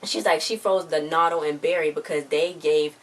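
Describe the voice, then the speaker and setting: A woman's voice: low-pitched, steady tone, moderate pace, distant mic. A woman reviewing a TV episode in a casual, rambling recap, stringing the story together with "so then she's like.".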